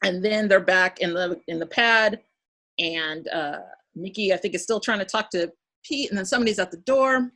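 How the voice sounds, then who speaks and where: A woman host chatting casually on a podcast. She retells scenes in an animated way, slips into acted-out quotes and laughs often. Her voice sits at a middle pitch. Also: moderate pace.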